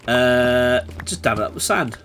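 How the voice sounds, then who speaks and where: A man chatting through a live game stream, bursting into excited taunting yells now and then. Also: mid-range voice, unhurried. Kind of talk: live gaming stream commentary.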